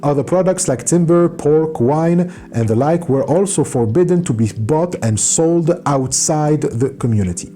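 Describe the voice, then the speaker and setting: A man's voice: fairly high pitch, lively intonation, moderate pace, hardly any pauses, mellow, soft background music. A man reviewing a book in an unscripted explanatory talk, hesitant, with frequent fillers and self-corrections.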